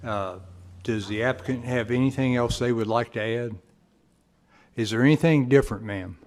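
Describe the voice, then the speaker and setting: A man, chairing a public hearing in a polite, halting way. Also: mid-range voice, darkish tone. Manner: polite, halting, repeats "okay" and "yes, ma'am". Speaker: commission chair. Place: council meeting room.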